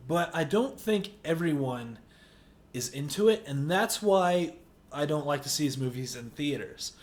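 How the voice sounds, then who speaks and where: A man ranting indignantly in a movie review video, exaggerated, and shouting at times. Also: medium pitch.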